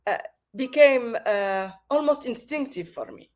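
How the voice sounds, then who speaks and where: French-accented woman on a video call, kinda high voice, lots of uhs and restarts. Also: animated, unhurried, darkish tone. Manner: hesitant, many fillers and restarts. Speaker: podcast guest. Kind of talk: remote interview.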